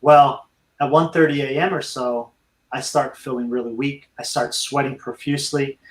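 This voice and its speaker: A man's voice: mid-range voice, steady tone, moderate pace, roomy sound, low-quality recording. A middle-aged man, a veteran and dog trainer, telling his life story in an interview and speaking earnestly to listeners. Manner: earnest, addresses listeners as friends.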